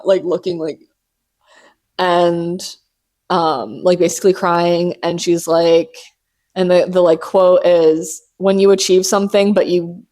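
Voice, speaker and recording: A young woman hosting a casual solo podcast, talking in animated, profane, self-mocking bursts while hyped up on caffeine. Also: lowish voice. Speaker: podcast host.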